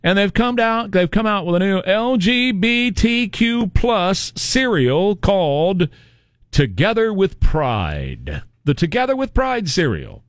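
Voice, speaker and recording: Guy doing a snarky commentary rant, kinda high voice, dry close mic, lots of mocking questions. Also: lively intonation, measured pace, few pauses, no echo. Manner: sarcastic, mocking, rhetorical questions. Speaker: political commentary host. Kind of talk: opinionated monologue.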